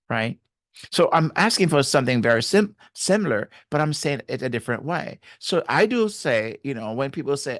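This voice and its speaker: A man's voice: mid-range voice, sing-song, moderate pace, fairly bright tone, no echo, studio quality. A man giving faith-based marriage advice in an earnest way, repeating key phrases and using many fillers.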